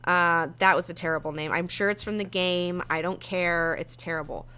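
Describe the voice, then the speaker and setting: A woman's voice: on the low side, fairly even intonation, normal speed, pushed and bright, smooth. A woman hosting her show, giving a blunt, rambling, profanity-laced casual review. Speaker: show host reviewing a series.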